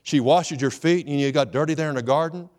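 A man's voice: on the high side, a little fast, a little mellow, long reverb tail, close to an everyday voice. A man preaching, voicing God in a joke with coaxing, leading questions. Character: coaxing, jovial God telling Adam about a wife.

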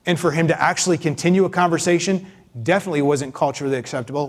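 A man's voice: fairly high pitch, rapid-fire. Emphatic male pastor preaching. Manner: emphatic, expressive, acts out voices. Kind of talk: sermon.

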